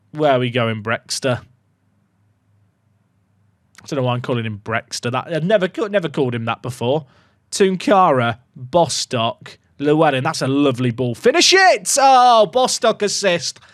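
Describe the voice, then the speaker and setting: A man commentating his own football management game for viewers, muttering asides and bursting into excited shouts. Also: on the high side, dry recording, clean studio sound. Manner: swings between mumbled asides and excited shouts. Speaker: video game streamer.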